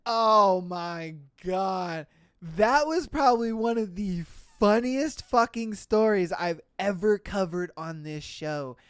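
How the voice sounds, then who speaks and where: A podcast host reading out reddit stories and reacting with loud exclamations, swearing and frequent laughter, into a close mic. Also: mid-range voice, measured pace, hardly any pauses, clean tone, no room sound. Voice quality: profane, exclamatory, laughs often.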